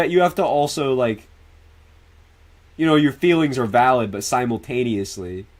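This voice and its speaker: A man livestreaming, chatting loosely and profanely with viewers, laughing often and answering them directly. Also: mid-range voice. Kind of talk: casual stream chat.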